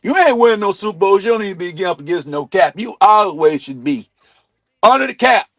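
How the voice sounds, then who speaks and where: Heated, high-voiced man ranting about football. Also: animated, a little fast, no echo. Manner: heated, blunt, swears a lot, swings loud and quiet. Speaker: sports talk show host. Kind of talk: profane sports opinion rant. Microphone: streaming mic.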